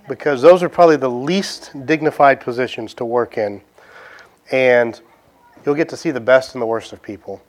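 Chatty southern preacher man. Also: mid-range voice. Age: adult, past his teens. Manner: conversational, asks many rhetorical questions. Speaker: pastor. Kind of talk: sermon with closing prayer.

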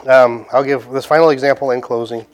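A man's voice: medium pitch, fairly even intonation, a little fast. A man with a Southern US accent preaching a sermon in a conversational way, asking rhetorical questions, then closing in prayer. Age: adult, past his teens. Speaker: pastor.

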